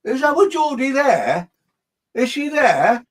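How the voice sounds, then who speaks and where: A man's voice: very high-pitched, sing-song, slow, voice pushed up, exaggerated voice. A man voicing an indignant old woman's spirit. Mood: puzzled, demanding.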